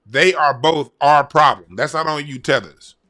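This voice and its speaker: A man's voice: a little high, normal speed, sharp tone. A man giving blunt, profane, rambling commentary on a casual vlog. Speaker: YouTube commentator.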